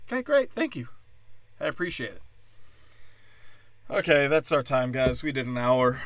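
A man's voice: medium pitch, big pitch swings, moderate pace, long pauses, fairly bright tone, no echo. A man hosting his own podcast alone, ranting with anger, swearing and sarcasm, and mocking others in put-on voices. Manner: angry, profane, sarcastic ranting. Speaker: podcast host and stand-up comedian. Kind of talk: solo ranting podcast monologue.

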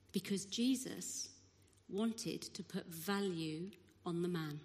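A woman giving a sermon, telling a Bible story with expressive delivery and acting out the crowd's voices. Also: mid-range voice, unhurried. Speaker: preacher. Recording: long hall reverb.

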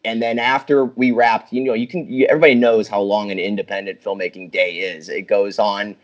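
Low-voiced rambling man. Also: fairly even intonation, highs cut off. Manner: rambling, halting, many restarts. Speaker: film director. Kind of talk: casual conversation.

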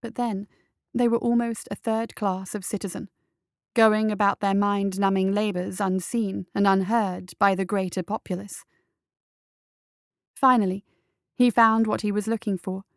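A woman narrating a fantasy story in a measured, deliberate reading. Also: medium pitch, steady tone, no echo, clean studio sound. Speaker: story reader.

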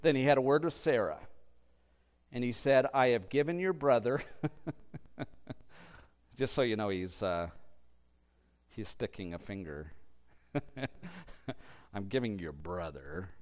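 A man preaching a sermon as pastor, swinging between loud emphatic bursts and hushed low asides. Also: lively intonation, slow pace, pauses often. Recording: dull echoey hall.

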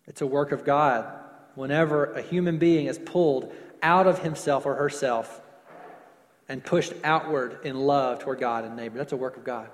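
A man preaching a sermon, stretching words for emphasis and dropping to softer closing lines. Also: mid-range voice, steady tone, long reverb tail. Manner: preaching with slowed emphasis and falling soft endings. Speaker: pastor.

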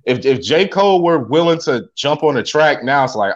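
Male co-host, fairly high voice, easygoing chat, slightly muffled recording. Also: lively intonation, normal speed, few pauses. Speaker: podcast co-host. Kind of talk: casual podcast chat.

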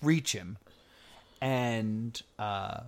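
A podcast co-host in a casual movie review chat who talks in a sarcastic, animated way. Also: mid-range voice, extremely slow, gravelly.

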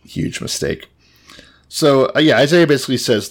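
A man's voice: mid-range voice, normal speed. A man co-hosting a podcast who sums up the scripture story in a laid-back way, with plenty of swearing. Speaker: podcast co-host. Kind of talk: casual chat.

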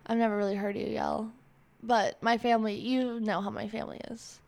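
A woman hosting a podcast in a casual chat, rambling and animated with many fillers. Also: fairly high pitch, fairly quick, creaky. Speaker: podcast host.

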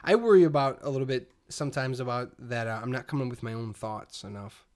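A man in his thirties co-hosting a podcast, relaxed and chuckling, his voice often dropping off quietly at the ends of thoughts. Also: mid-range voice, fairly quick. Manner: laid-back, trails off quietly, laughs often. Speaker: podcast co-host. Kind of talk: casual chat.

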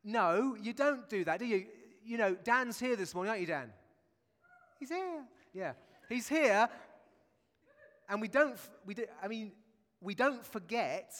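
Chatty preacher with a high voice. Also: male voice, animated, moderate pace, a bit bright. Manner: chatty, jokey preaching with asides to the congregation. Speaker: pastor. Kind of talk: sermon. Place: church. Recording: long church reverb.

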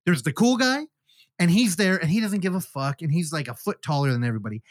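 Lively, expressive man retelling a film. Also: fairly high pitch, quick pace, no room sound, clean studio sound. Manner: animated storyteller, swears freely. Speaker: podcast host. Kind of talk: casual film review chat.

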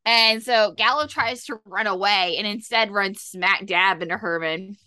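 A woman's voice: mid-range voice, a little slow, sharp tone, no echo, studio quality. A young woman co-hosting a podcast, recapping a TV episode in a chatty, casual way, acting out quotes. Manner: chatty, acts out quotes, lots of "like". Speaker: podcast co-host.

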